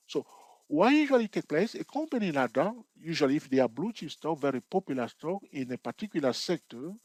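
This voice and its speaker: A man's voice: fairly high pitch, no echo, low-quality recording. A man teaching a trading strategy while walking through a chart, using loose, restarting phrasing and often checking in with "okay?" and "all right?". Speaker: trading instructor. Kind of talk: explaining over a chart.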